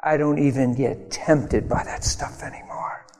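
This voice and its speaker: A man's voice: medium pitch, measured pace. A man preaching a sermon to a congregation, telling a personal story and acting out prayers. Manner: animated storytelling, acts out prayers and voices. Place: church hall. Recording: long hall reverb, faint music.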